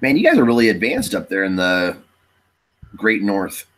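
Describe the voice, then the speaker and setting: A man's voice: lowish voice, huge pitch swings, moderate pace, a bit bright. A man in a casual chat, trading laid-back jokes and banter.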